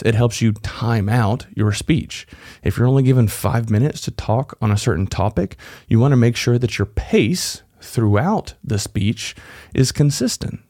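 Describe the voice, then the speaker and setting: A man's voice: fairly low pitch, mellow, no room sound, clean studio sound. A man from Texas with a Texan accent, hosting a solo podcast and coaching listeners directly in a conversational way. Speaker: podcast host. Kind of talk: solo podcast tips talk.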